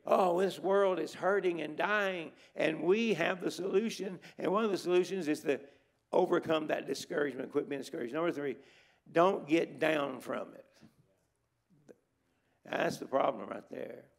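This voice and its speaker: Gravelly, exhorting man preaching. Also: on the high side, normal speed. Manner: exhorting, repeats words for emphasis. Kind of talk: emphatic revival sermon. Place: church sanctuary at a conference.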